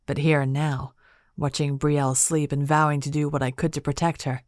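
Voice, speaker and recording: A woman narrating a fantasy audiobook in the first person, with measured, expressive storytelling. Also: deep voice, no room sound, studio quality.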